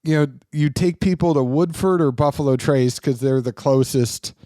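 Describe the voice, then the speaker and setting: A man's voice: on the high side, normal speed, warm tone, no room sound, clean studio sound. A man hosting a podcast in casual chat, rambling and self-deprecating. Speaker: podcast host.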